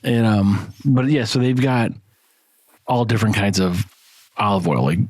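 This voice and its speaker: A man's voice: lowish voice, unhurried, a little mellow, no room sound. A middle-aged American man co-hosting a podcast in loose, swear-heavy casual chat. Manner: loose, swears a lot, laughs often. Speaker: podcast co-host.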